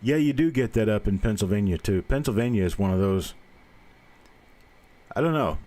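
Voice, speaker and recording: A man's voice: lowish voice, expressive, normal speed, mellow. An older man hosting a live coin roll hunting show, chatting casually in a folksy, rambling way with the odd joke, speaking plainly and reassuringly to his viewers. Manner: folksy, rambling storyteller who cracks jokes. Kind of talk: casual live-stream chat.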